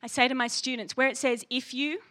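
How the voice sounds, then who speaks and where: Woman pastor, bright high voice, fiery emphatic sermon delivery. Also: fairly even intonation, a little fast. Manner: passionate, emphatic preaching with laughs.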